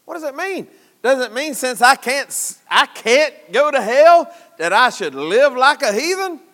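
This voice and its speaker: A man preaching a sermon in a church, folksy, at times shouting and at times dropping low. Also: expressive, unhurried, in a large hall.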